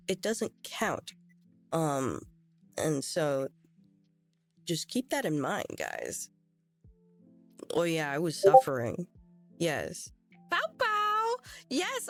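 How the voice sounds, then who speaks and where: Woman streamer, high voice, unhurried, dramatic rambling storyteller. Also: a bit bright. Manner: rambling, dramatic, laughs through it. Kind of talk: casual storytelling to chat. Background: faint music.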